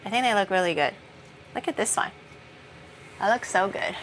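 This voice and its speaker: A woman's voice: mid-range voice, lively intonation, normal speed, a bit bright, a little hiss or hum. A woman chatting casually with viewers while she cooks on a live stream, swearing now and then. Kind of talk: casual chat while cooking. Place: home kitchen.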